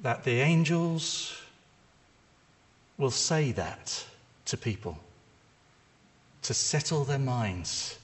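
A man preaching a sermon, retelling a story in a lively, conversational way with casual asides. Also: medium pitch, drawn-out words, long pauses. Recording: long reverb of a large hall.

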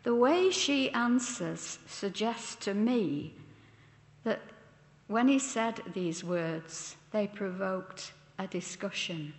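Woman preacher, unhurried sermon delivery, asks questions of her listeners, roomy hall with a long echo. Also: mid-range voice, expressive. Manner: slow, deliberate, posing questions to listeners. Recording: echoey church hall with long reverb.

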